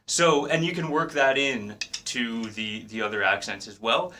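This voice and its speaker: A man giving a casual drum lesson, explaining technique in a relaxed way and counting beats aloud. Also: medium pitch, unhurried, a little hiss or hum. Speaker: drum teacher. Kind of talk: casual instructional talk. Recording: drums clearly heard behind the voice. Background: drum playing.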